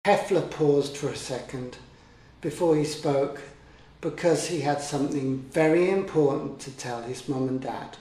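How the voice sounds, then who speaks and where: Slow, gentle male storyteller. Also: a little high. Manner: gentle and unhurried. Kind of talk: children's story narration. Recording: echoey room.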